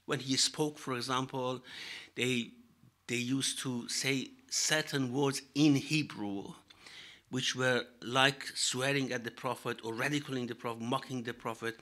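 Bright-voiced man teaching scripture. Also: mid-range voice, fairly even intonation. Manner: measured, with Arabic recitation and frequent pauses and fillers. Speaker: religious teacher. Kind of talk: explaining scripture in a lecture.

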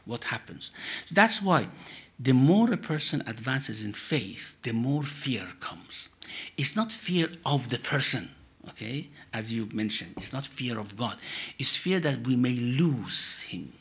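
A man, a sheikh, answering questions in a religious teaching session with measured, emphatic phrasing. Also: mid-range voice, big pitch swings, a bit bright.

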